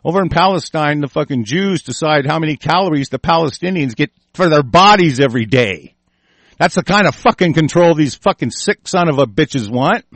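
Brief: furious, foul-mouthed male host ranting on a commentary show, fairly high voice, close and dry. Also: lively intonation, a little fast, no room sound. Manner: angry, cursing heavily, shouting; stumbles over words while reading. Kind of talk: profane ranting commentary, reading news aloud.

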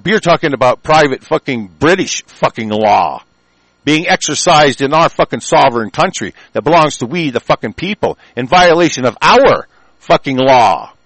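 A man's voice: mid-range voice, big pitch swings, moderate pace, a bit bright, no room sound, poor audio. A man from the United States hosting his own broadcast, delivering an angry, profane, mocking political rant. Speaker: host of an online broadcast.

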